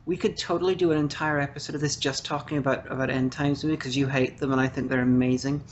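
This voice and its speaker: A woman co-hosting a podcast, talking in an animated, chatty way. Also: very deep voice, fast, slight background noise. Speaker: podcast co-host. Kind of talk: casual podcast chat. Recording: lo-fi audio.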